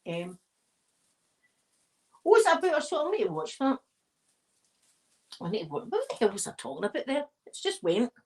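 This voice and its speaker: Scottish woman, casual chat, rambling stories, digressive, relaxed talk. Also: a little high, normal speed, long pauses. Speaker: ASMR video creator. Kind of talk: casual chat while decorating a tree.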